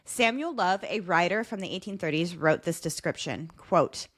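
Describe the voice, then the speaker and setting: Chatty animated woman co-host. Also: lowish voice, normal speed. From New York, USA. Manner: laughing, bantering, tries put-on accents. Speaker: podcast co-host. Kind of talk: casual chat, reading folklore notes.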